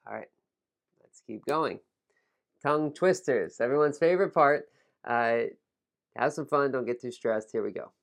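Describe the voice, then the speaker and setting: A man leads a pronunciation lesson at a middle pitch. He models words slowly and deliberately, then drops into relaxed, casual explanations between the drills. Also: gravelly. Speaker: English pronunciation teacher.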